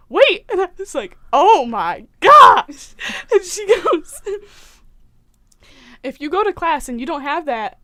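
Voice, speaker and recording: Young woman, high voice, dry close mic, casual storytelling host. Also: no echo. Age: young adult. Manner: animated, acts out quotes. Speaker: podcast co-host.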